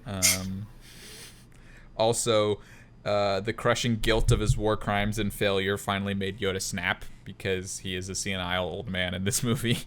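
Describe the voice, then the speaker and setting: A young man co-hosting a casual film review chat, rambling and laughing often, dropping in quick quoted impressions of lines. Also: fairly low pitch, level tone, a bit bright, slight background noise. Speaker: podcast co-host.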